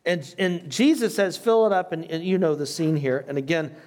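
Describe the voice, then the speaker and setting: A man's voice: on the high side, moderate pace, a little mellow. A man with a slight foreign accent, a pastor teaching a Bible study in a conversational way and asking his class questions. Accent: non-native English.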